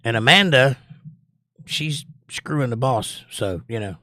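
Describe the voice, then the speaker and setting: A man with a faint Georgia accent, hosting a casual livestream and reading viewers' comments before he talks them through. His voice is mid-pitched, with a dry, close sound and no room around it. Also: animated, unhurried, bright, forceful tone, dry recording. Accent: Georgia (US Southern), mostly suppressed. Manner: reads chat aloud in a lifted voice, then muses analytically. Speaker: livestream host reading chat. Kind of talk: casual chat.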